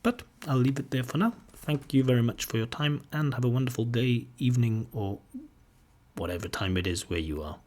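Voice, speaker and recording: A man teaching an exam speaking lesson in a relaxed, self-deprecating way, modelling example sentences. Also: medium pitch, brisk. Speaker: IELTS examiner and teacher. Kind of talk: casual video lesson.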